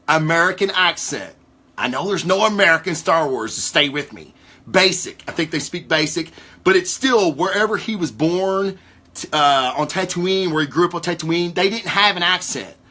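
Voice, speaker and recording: A man hosting a casual talk show, rambling through theories with live viewers in a profane, excitable way. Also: fairly high pitch, normal speed. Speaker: podcast host.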